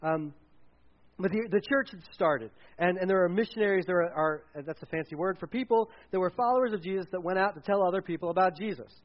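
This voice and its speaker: High-voiced casual male pastor. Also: fast talker, dull audio. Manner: conversational, many fillers and restarts. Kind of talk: casual sermon.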